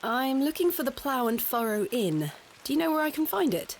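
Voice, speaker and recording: A young archaeologist in a game, polite and purposeful. Her voice sits a little high and moves in a lively way through each line. A faint hiss runs underneath. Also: moderate pace. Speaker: game protagonist.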